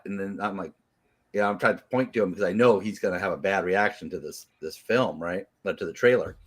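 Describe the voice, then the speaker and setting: A man's voice: low-pitched, brisk, slightly rough. A man in his thirties, a podcast co-host, rambling through a parenting story and tagging his lines with "right?". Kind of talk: casual chat, storytelling.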